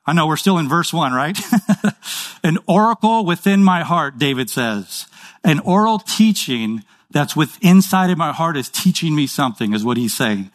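A man delivers a sermon in a relaxed, conversational way. His voice sits a little on the high side, and he keeps checking in with his listeners. He slips into quick little dialogues to act out his examples. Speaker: pastor.

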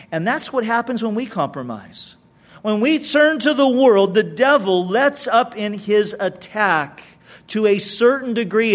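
High-voiced earnest male pastor preaching. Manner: earnest, repeats words as he builds. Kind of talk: sermon.

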